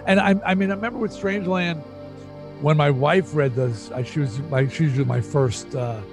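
A middle-aged man with a gravelly, fry-laden voice that sits slightly above the usual male range. He tells stories in a loose, profane interview style, circling back and repeating phrases when he gets excited. Soft music runs faintly underneath. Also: a little high, normal speed. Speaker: interview guest. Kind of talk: casual interview storytelling.

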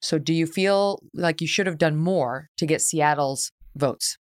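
Smooth, dry-voiced woman host from New York. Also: deep voice, measured pace, no echo. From New York State. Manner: pressing, probing questioner. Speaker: podcast host. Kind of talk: political interview.

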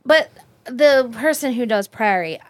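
A woman's voice: a little high, animated, unhurried, dry recording. A woman co-hosting a casual podcast chat with friends, talking in chatty bursts that often restart mid-sentence. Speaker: podcast co-host.

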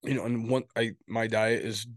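A man's voice: fairly low pitch, flat delivery, moderate pace, no echo, studio quality. A man co-hosting a podcast in casual chat, rambling and swearing, often tagging his points with "right?". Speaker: podcast co-host.

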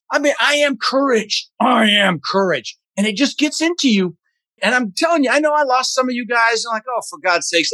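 A man's voice: sits high, bright, forceful tone, no echo. A man talking as an interview guest, emphatic and motivational, blunt and a little profane. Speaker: podcast guest, real estate investor. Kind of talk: energetic interview talk.

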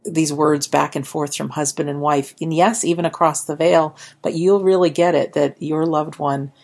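A woman podcast host with a low, gravelly voice, encouraging her guest as she steers the talk. Her tone is slightly husky. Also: steady tone, normal speed, a little mellow. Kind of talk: interview hosting.

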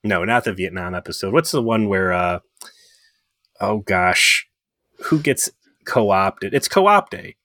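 A man's voice: deep voice, animated, takes it slowly, bright, forceful tone, dry recording, studio quality. A man co-hosting a podcast, recapping a TV episode in rambling, profane, joking casual chat. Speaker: podcast co-host.

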